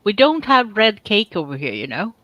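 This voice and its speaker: Casting: woman, bright tone, chatty and giggly, dry close sound. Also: medium pitch, very animated, normal speed, no room sound, highs cut off. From Sweden. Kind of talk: casual chat.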